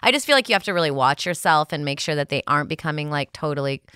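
A woman's voice: deep voice, lively intonation, very fast, sharp tone, clear, resonant tone, no room sound, studio quality. A woman hosting a podcast, laughing often and talking animatedly. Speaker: podcast host. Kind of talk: casual podcast chat. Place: studio.

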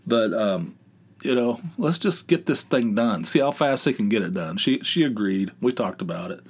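A man's voice: on the low side, expressive, moderate pace, slightly rough. A man hosting a podcast, telling a rambling, profane, sarcastic story in a casual monologue. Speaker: podcast host.

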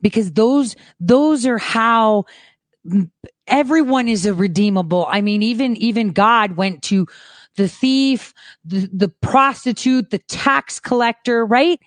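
A woman host delivering a frustrated ranting monologue, blunt and swearing freely, swinging between hushed mutters and loud boasts. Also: a little high, measured pace, no echo.

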